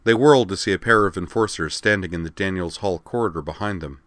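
Man, narrator, very deep, steady, dry close recording. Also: quick pace, dry recording. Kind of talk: scripted narration.

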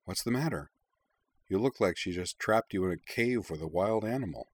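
A man voicing a kind grown man who speaks softly and soothingly. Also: low voice, lively intonation, fast, husky, no room sound, heavily acted. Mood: gentle, teasing. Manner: soft and soothing.

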